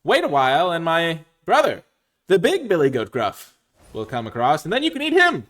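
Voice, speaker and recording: A man's voice: a little high, wildly swooping pitch, moderate pace, fairly bright tone, voice pushed up. A man voicing a medium-sized male billy goat from a storybook, talking his way past a troll. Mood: coaxing.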